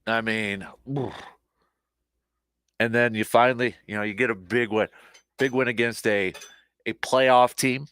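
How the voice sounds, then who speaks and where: A man hosting a casual sports talk show, rambling and animated, with lots of fillers and restarts, a little short on sleep. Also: medium pitch, unhurried, long pauses, smooth, dry recording, clean studio sound.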